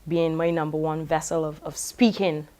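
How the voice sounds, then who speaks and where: A woman reggae singer, reflecting in a relaxed, casual interview. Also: deep voice, moderate pace. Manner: relaxed, reflective, with many "you know" fillers.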